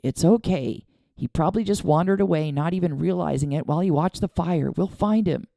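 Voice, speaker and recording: A steady husband speaks slowly in a low, mellow voice, reasoning through what happened, as a woman reads him. The sound is dry and close. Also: creaky, dry recording. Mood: bewildered. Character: steady, bewildered homeowner man, a husband.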